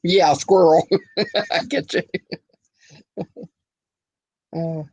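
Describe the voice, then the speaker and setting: A woman's voice: fairly low pitch, animated, very slow, a little mellow, husky, no room sound. A woman on an online panel, chatting casually, laughing often, and calling the others "hon". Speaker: panel member.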